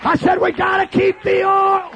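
A man preaching a fiery Pentecostal revival sermon, shouting and calling the congregation to respond. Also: extremely high pitch, monotone, normal speed, highs cut off, crowd noise, noisy background.

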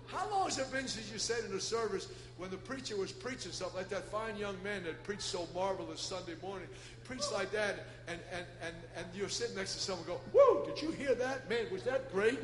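A man preaching a Pentecostal sermon in a folksy way, swinging between loud shouting and soft asides. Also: high voice, a little fast. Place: church. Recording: echoey church hall with ambience.

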